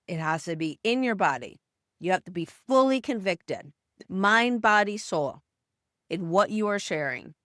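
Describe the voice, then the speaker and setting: A woman communication coach giving a motivational talk straight to the listener, with deliberate emphatic stresses. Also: mid-range voice, fairly bright tone, dry recording, studio quality.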